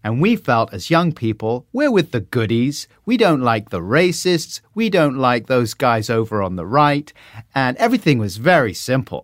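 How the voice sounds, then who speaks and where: A middle-aged man, a guest in an interview, telling stories in an animated, self-deprecating way. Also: moderate pace, no room sound, clean studio sound. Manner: animated, self-deprecating, lively swings in pitch. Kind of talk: relaxed anecdotal storytelling.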